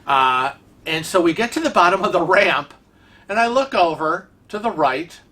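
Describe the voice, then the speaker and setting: A man host casually telling a story on his vlog, chatty and animated, acting out what others said. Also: high voice, normal speed. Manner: chatty, animated, acts out quoted dialogue.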